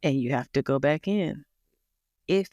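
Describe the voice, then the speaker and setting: Animated woman telling her story. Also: sits low, unhurried, no echo, studio quality. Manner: animated, laughs while telling stories. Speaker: podcast guest. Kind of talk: casual storytelling.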